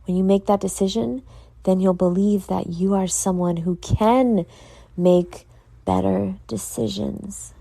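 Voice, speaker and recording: A woman's voice: mid-range voice, steady tone, a little slow, gravelly, mellow, no room sound. A tired, yawning woman hosting a casual solo podcast, earnestly motivating her listeners and speaking to them directly. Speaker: podcast host.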